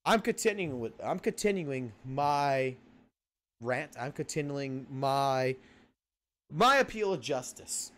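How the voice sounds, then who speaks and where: A man's voice: mid-range voice, lively intonation, slow, a bit bright. A man hosting a livestream, ranting heatedly and cursing often, repeating points for emphasis as he talks to viewers on a home mic. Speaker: livestream host. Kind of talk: livestream commentary rant.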